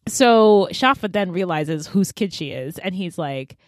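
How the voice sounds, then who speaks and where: A woman co-hosting a podcast, retelling a story in casual chat with quick asides. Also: lowish voice, expressive, dry recording, studio quality. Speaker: podcast co-host recapping a novel.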